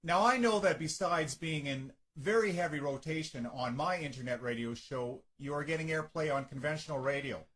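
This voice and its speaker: A Canadian radio host asks his guest questions in polite, formal phrasing. His voice sits a little higher than most men's. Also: normal speed, few pauses, fairly bright tone, breathy edge. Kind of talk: radio interview.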